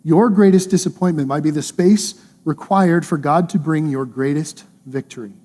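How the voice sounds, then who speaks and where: A man's voice: a little high, normal speed, warm tone. A male pastor preaching a sermon in an earnest, conversational way, using emphatic repetition.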